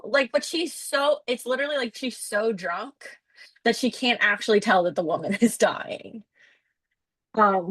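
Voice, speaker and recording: A young woman leads a casual class discussion, chatty and quick to laugh. Her voice sits in a middle range. The sound is dry and close, with no room around it. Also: medium pitch, no echo. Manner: chatty, laughs often, addresses the group as guys. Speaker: student leading a book discussion.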